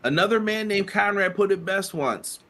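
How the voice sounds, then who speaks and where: A man in his thirties co-hosting a casual wrestling podcast, telling animated stories and acting out quotes. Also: high-pitched, normal speed. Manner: animated storyteller, acts out quotes. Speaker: podcast co-host.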